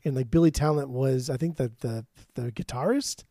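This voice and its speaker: A man's voice: medium pitch, moderate pace, dark tone, no room sound, studio quality. A man co-hosting a music podcast in casual chat, enthusiastic and argumentative, swearing often. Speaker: podcast co-host.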